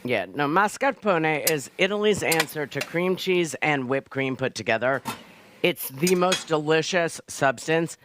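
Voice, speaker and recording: A woman hosting a live online cooking show from her kitchen over a video call, chatty, joking and excitable. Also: deep voice, a little slow, noisy background.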